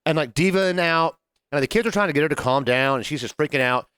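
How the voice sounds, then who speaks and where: A man's voice: fairly high pitch, fast talker, clean tone, no room sound, studio quality. A man co-hosting a casual bar-industry podcast, telling work stories and acting out what people said. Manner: animated storyteller, acts out quotes. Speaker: podcast co-host, bartender. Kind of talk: casual chat.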